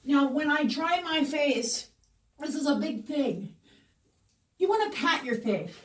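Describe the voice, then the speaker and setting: A woman's voice: high-pitched, expressive, slow pace, distant mic. Chatty woman, a bit off-mic. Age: middle-aged. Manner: chatty, rambling, frequent fillers. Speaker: beauty vlogger. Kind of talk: casual skincare demo.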